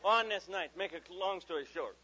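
A man telling an animated stand-up story about raising his daughters, switching into character voices. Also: high-pitched, moderate pace, slightly rough. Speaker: comedian. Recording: dull lo-fi live recording with faint noise.

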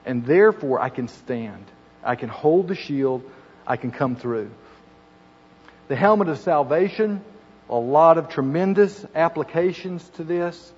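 A man's voice: on the high side, lively intonation, a little slow, breathy edge. A middle-aged man preaching a sermon, earnest and building to emphatic, repeated phrases. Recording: muffled hall recording with long reverb.

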